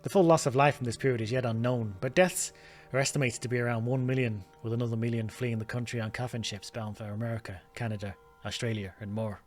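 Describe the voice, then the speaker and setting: A man's voice: medium pitch, fairly even intonation, fast talker, faint music behind, natural voice. A man reading a grave Irish scholar. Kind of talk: reading game dialogue aloud.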